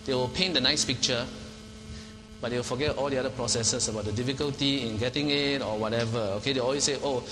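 A man preaching a sermon, emphatic and animated, often repeating words and laughing as he talks. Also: mid-range voice, fast talker, long reverb tail, low-quality recording.

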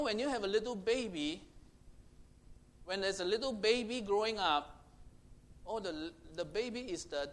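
A man with a high-pitched voice preaches a sermon. He moves between booming proclamations and hushed, close passages, and drives his points home by repeating phrases. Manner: swings from loud proclaiming to hushed intimate tones; repetitive, emphatic phrasing.

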